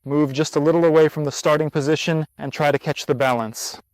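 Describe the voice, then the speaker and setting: Male host, a bit high, breathless, casual coach talk, dry sound. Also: fairly even intonation, brisk, dry recording. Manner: tired, chatty, encouraging. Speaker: riding instructor and host. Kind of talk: casual outdoor lesson vlog. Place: outdoors at a riding spot in the heat.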